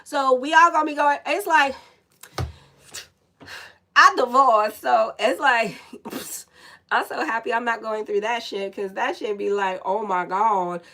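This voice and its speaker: A woman's voice: on the high side, a little slow, long pauses, bright, forceful tone, low-quality recording. A woman astrologer giving a casual horoscope reading while sick, chatty and swearing in asides. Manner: chatty, swears and laughs at her own asides. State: sick, dry lips.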